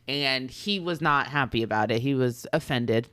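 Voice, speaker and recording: A woman co-hosting a casual podcast, retelling a story in a loose, chatty way. She fills pauses with ums and slips into the voices of the people she quotes. Her voice is smooth and clear. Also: very deep voice, fairly bright tone. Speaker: podcast co-host.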